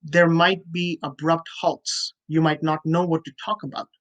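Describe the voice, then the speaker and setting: A woman's voice: sits low, steady tone, normal speed, highs cut off. A woman tutoring students for a speaking test in an online webinar, giving direct advice and ending nearly every point with a checking "okay?". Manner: direct, coaching tone with frequent "you know" fillers.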